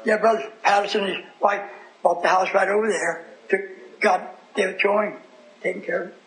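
Preacher man, really high bright voice, fervent, keeps shouting hallelujah. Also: level tone, brisk, low-quality recording. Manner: fervent, exclaiming hallelujah, call and response. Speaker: pastor. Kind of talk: sermon with storytelling.

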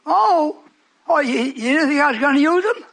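A man's voice: extremely high pitch, lively intonation, moderate pace, vocal fry, fairly bright tone. An older man preaching a fervent, rambling radio sermon to his congregation in a church hall, breaking off into stories.

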